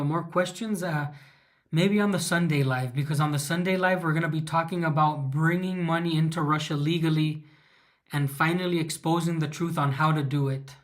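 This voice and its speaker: A man from California hosting a casual livestream, rambling with many fillers as he reacts to viewer comments. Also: on the high side. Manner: rambling, many fillers, reads chat aloud. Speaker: livestream host.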